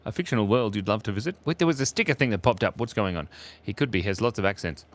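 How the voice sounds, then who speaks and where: Lively, low-voiced Australian man chatting. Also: fast. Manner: playful, chatty, jokey with viewers. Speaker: live-stream artist. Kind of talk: casual live-stream chat while drawing.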